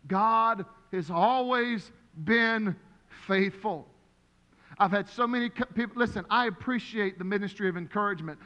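A man preaching as pastor, emphatic and repetitive, his voice rising to shouts. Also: high voice, moderate pace, big-room sound, lo-fi sound. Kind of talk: sermon.

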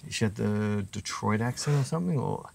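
A man's voice: lowish voice, expressive, brisk, gravelly, a little mellow, a little hiss or hum. An Australian man co-hosting a podcast in casual chat, chatty and teasing, laughing easily. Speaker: podcast co-host.

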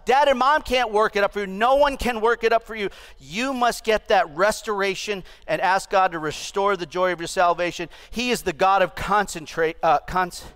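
High-voiced, animated man in his fifties preaching. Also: clean tone. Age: 50s. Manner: animated and humorous, with asides to the congregation. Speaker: pastor. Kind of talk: sermon. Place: church sanctuary.

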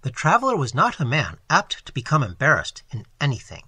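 Man, audiobook narrator, classic novel, animated, breathy, dry close sound. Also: fairly high pitch, fairly quick, no echo. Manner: expressive, animated storytelling.

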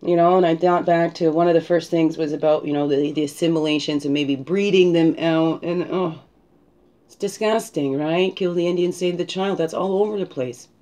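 A woman's voice: low-pitched, fairly even intonation, moderate pace, mellow. A woman talking as a spiritual guide, musing and reflective, often checking in with a "right?" as she prepares a card reading. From Canada.

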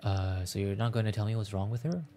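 A man's voice: on the low side, fast talker, over music, lightly acted. A man voicing a curious, eager teenage girl in a game, full of questions.

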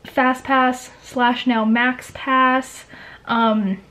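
A young woman chats straight to her camera at home, rambling and laughing as she goes. Her voice sits a touch on the high side. The talk is loose and friendly. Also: flat delivery, extremely slow, pushed and bright. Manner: chatty, rambling, laughs often. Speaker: vlogger. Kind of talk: casual talking-head vlog.

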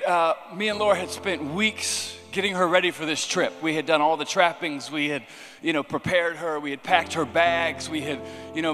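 A man delivers a conference sermon, his voice high and piercing. He moves from casual storytelling to forceful, shouted preaching. A long hall reverb trails his words. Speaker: pastor. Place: large conference arena.

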